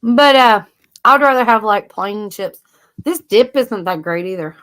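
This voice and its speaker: A woman's voice: mid-range voice, animated, measured pace, a bit bright. A woman hosting a casual live-stream chat, loose and blunt with slang and mild cursing. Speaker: livestream host.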